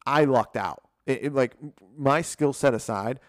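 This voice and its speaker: A man in his forties, a martial arts coach and podcast guest, telling a story in a casual, animated, rambling way, full of "like" and swearing. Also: medium pitch, moderate pace, dry recording, studio quality.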